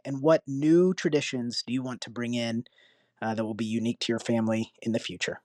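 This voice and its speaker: A man's voice: mid-range voice, steady tone, fairly quick, a little mellow, no echo, studio quality. A young man, a listener, asking a question in a friendly, slightly formal voice memo. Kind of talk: recorded voice memo.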